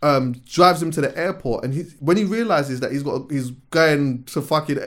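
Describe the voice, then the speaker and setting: Male co-host, slightly high voice, animated, slangy, emphatic. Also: moderate pace. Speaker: podcast co-host. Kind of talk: casual chat.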